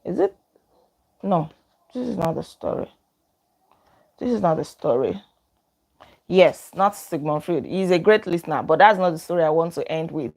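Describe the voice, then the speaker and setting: A woman's voice: on the low side, a little mellow. Woman host, chatty storyteller, casual and full of asides. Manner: chatty, retells stories in her own words with many asides. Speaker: book review host.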